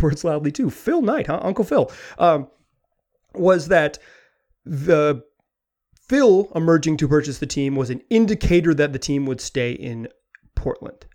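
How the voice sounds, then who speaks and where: A man delivers a sports talk podcast monologue in a voice pitched a little above the usual. He rambles in an animated way, stumbles over his words and restarts his sentences often. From Pacific Northwest. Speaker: podcast host.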